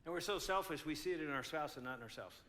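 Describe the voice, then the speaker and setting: Older guy pastor telling a marriage story on stage, high bright voice, really animated. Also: racing. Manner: animated storytelling, acts out both sides. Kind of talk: conference talk to couples.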